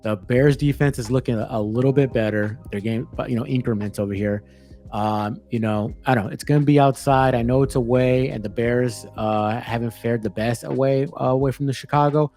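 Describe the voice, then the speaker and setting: A man's voice: medium pitch, a little fast, darkish tone, faint music behind. A man co-hosting a sports betting podcast, rambling and ranting with many restarts in casual chat. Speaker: podcast co-host.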